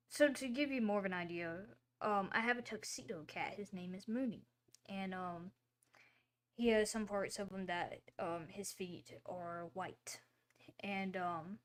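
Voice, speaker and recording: A woman chats casually as she hosts her own livestream, wandering from thought to thought. Her talk is full of fillers and quick apologies, and her voice sits at an ordinary, middle pitch. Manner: rambling, chatty, with many fillers and apologies. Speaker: livestream host.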